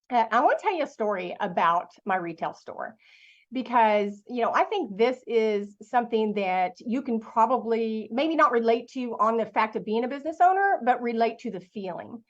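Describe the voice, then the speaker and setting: A middle-aged woman giving a motivational talk to an online audience, telling a lively story and asking her listeners questions. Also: on the high side, muffled recording. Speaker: guest speaker.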